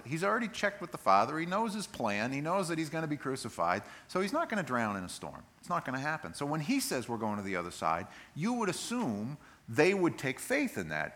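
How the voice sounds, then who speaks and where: A man preaching a sermon, telling the story in a lively way and acting out the voices of the people in it. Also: mid-range voice. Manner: animated storytelling, acts out voices. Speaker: pastor.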